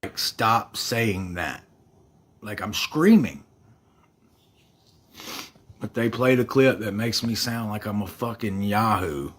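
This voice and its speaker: A man's voice: on the low side, unhurried, pauses often, husky. Man, livestream monologue, defensive, aggrieved, self-justifying. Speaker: livestreamer being reviewed.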